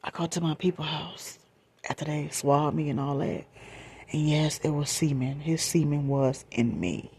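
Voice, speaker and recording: A woman telling a personal ASMR storytime in a breathy whisper and soft talk, confiding and emotional, often speaking straight to her listeners. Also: low-pitched, moderate pace. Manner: confiding, emotional, repeats phrases, addresses listeners directly.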